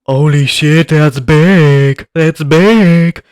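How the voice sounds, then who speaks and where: A man voicing a whiny, crude giant-headed male villain in a high, strained, wailing voice. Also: extremely slow, darkish tone, clean tone. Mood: gasping.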